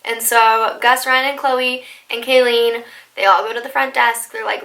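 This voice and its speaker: A woman in her twenties telling a storytime vlog in an excitable, animated way, full of likes and laughter. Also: on the high side, moderate pace, vocal fry, rough recording. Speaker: vlogger.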